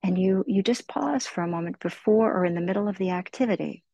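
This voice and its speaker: A middle-aged woman teaching meditation, guiding listeners slowly and soothingly through body, breath and heart. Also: mid-range voice, no room sound, muffled recording. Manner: slow, soothing, gently encouraging. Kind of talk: guided meditation talk.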